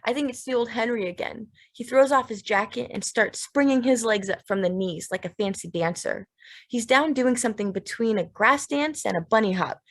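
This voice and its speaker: A woman narrating a literary audiobook in a steady, measured, plain way. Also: fairly high pitch.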